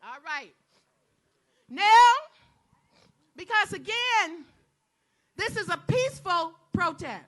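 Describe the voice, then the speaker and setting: Woman mc at an outdoor rally, high voice, slow preachy call-and-response. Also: sharp tone. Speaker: rally emcee. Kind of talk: addressing a protest crowd.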